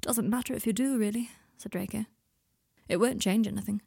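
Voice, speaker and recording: A tender fatherly man speaks low and confiding, as a woman reading an audiobook voices him. The voice is gravelly and breathy, soft rather than forceful. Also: brisk. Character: gentle male parental figure, tender and open.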